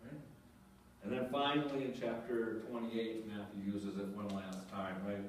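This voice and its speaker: A man's voice: fairly low pitch, flat delivery, a little slow, a little hiss or hum. A male pastor giving a conversational sermon, often asking the congregation questions and repeating his phrases. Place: church sanctuary. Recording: echoey church from a distant mic.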